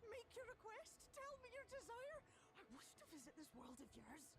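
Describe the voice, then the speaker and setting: Playful game pixie, whimsical and high-pitched, theatrical lilt. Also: female voice, big pitch swings, normal speed, a bit bright, exaggerated voice. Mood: solemn. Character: playful, curious female pixie fairy. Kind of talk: video game voice acting.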